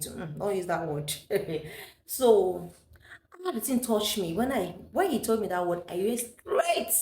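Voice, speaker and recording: A woman's voice: on the low side, darkish tone, echoey room. A woman with a Nigerian accent, a vlogger chatting through a personal story, slipping into Pidgin English and laughing often.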